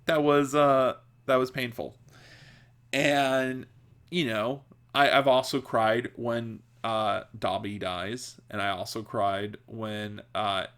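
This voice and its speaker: A man's voice: mid-range voice, fairly even intonation, slow, fairly bright tone. A man hosting a podcast, telling a story in a casual, rambling way, with frequent laughter, restarts and filler words. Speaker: podcast host.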